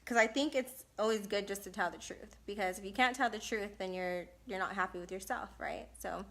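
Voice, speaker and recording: A woman's voice: medium pitch, fairly quick, fairly bright tone. Chatty, blunt woman in her thirties. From California. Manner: blunt, chatty, laughs often. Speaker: live-stream host doing Q&A. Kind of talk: casual live Q&A chat.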